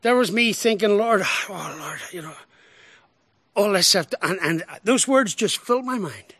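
High bright-voiced male preacher. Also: unhurried, no room sound. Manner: expressive, rhetorical questions, swings from emphatic to hushed. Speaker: pastor. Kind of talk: sermon.

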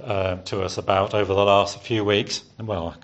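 A preacher speaks at normal speed in a low voice with little pitch movement. Delivering a sermon during a church service, he quizzes the congregation and leads them in repetition.

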